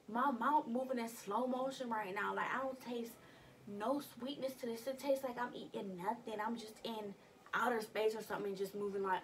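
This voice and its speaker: Animated young woman telling a story. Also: fairly high pitch, far from the mic, a little hiss or hum. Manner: animated, acts out her own lines in quotes. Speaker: vlogger. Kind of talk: casual storytelling.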